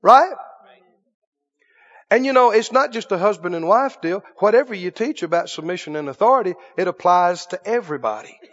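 A man's voice: sits high, animated, moderate pace, a bit bright, big-room sound, lo-fi sound. A male pastor delivering a sermon, preaching emphatically and checking in with the congregation through repeated questions. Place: church sanctuary.

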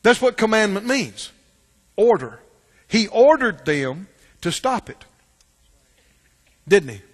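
A man preaching a sermon in church, asking the congregation questions and swinging between loud calls and hushed asides. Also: sits high, big pitch swings, slow pace, breathy edge. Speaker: pastor. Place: church sanctuary. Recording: long reverb of a large hall.

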